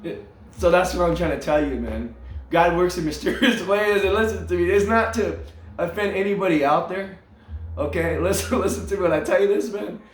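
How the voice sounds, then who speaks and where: A man's voice: high voice, brisk. A man in a casual spoken testimony, talking earnestly. He ends almost every phrase with "man", repeats his words and laughs often. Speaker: storyteller sharing his faith. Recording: echoey room with faint music.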